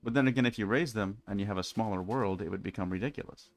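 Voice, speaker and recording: A man's voice: fairly low pitch, fast. A young man rambling wryly through casual live-stream chat while playing a game, with many restarts. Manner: rambling, wry, frequent restarts. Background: faint music.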